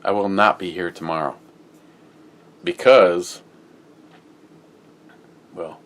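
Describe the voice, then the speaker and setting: A man's voice: deep voice, fairly even intonation, slow pace, distant mic. A man on a casual beer-review vlog reads out viewer comments with crude, joking humor and a lot of swearing.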